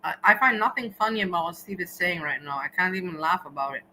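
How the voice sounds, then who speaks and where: A woman's voice: on the low side, expressive, quick pace, bright, forceful tone, a little hiss or hum, rough recording. A woman streamer giving blunt, exasperated commentary on a clip. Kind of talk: reaction commentary.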